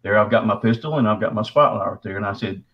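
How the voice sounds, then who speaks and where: Fast-talking man, folksy storyteller. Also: on the low side, highs cut off. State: sore throat. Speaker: guest. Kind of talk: casual storytelling.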